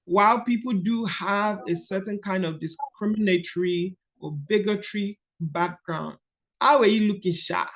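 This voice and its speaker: A woman's voice: medium pitch, unhurried. A woman coaches a group over a video call, her voice sitting in a middle register. She leans on repetition, saying key phrases twice to drive them home. The audio is dull and lo-fi, typical of an online meeting. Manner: expressive, repeats key phrases for emphasis. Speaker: coach leading a book study.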